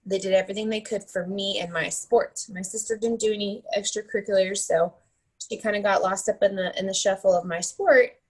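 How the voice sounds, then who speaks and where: A woman's voice: mid-range voice, fairly even intonation, fairly quick, slightly rough, rough recording. A woman in her thirties tells a motivational story in a chatty way, often tagging her points with "right?" and "like". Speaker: team leader giving a motivational talk.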